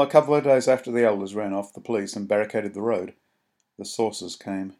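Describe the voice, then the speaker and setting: A man reading his own first-person short story aloud in a measured, steady way. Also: on the low side.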